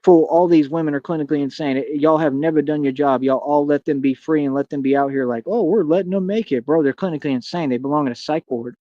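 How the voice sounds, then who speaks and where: Guy ranting on a stream, kinda high voice, taunting and cocky, dull dry lo-fi sound. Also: fairly even intonation, quick pace, few pauses, dark tone, no room sound. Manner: confrontational, boastful, taunting, slang-heavy. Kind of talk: ranting monologue to camera.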